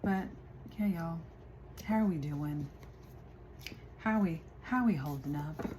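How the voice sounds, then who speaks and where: Chatty low-voiced woman reading tarot. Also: takes it slowly, mellow, a little hiss or hum. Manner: chatty, laughs often, addresses viewers as y'all. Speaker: tarot reader.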